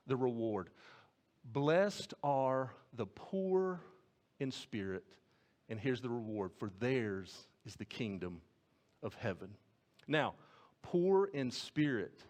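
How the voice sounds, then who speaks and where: A man preaching a sermon as pastor, earnest, often repeating and restarting words and putting questions to the congregation. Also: medium pitch.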